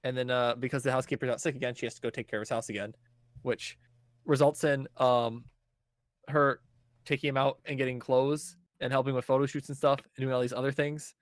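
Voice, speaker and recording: A man's voice: mid-range voice, level tone, fairly quick, dry recording, studio quality. A man co-hosting a podcast, giving a rambling, casual recap of a show, laughing and swearing freely as he talks. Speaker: podcast co-host.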